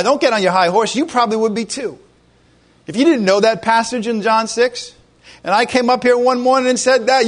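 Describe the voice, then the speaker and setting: A man preaching a sermon as pastor, in a conversational, animated way with joking asides. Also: high voice.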